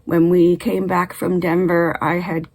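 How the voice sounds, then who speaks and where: A woman hosts a casual knitting vlog from her home in Canada, chatting in a friendly way while slightly short of breath after an illness, with occasional coughs and throat clearing. Her voice is on the low side and darkish, with a level tone and measured pace. The recording is rough.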